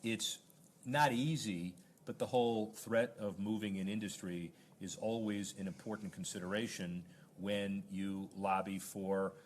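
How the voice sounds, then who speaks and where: A man's voice: fairly low pitch, steady tone, unhurried, slight background noise. A man hosting a conversational interview, explaining his points at length with frequent restarts. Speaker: sports business interviewer.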